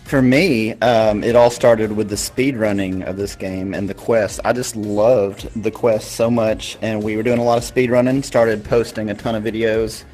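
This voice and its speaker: A man on a creator panel, speaking in a relaxed, matter-of-fact way. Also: on the low side, normal speed, hardly any pauses, faint music behind. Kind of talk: casual chat.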